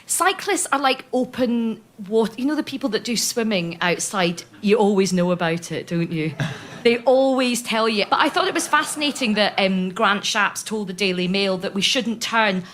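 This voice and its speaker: A woman's voice: mid-range voice, lively intonation, normal speed, fairly bright tone, a little hiss or hum. A woman on a comedy panel making wry, conversational observations. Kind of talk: comic observations.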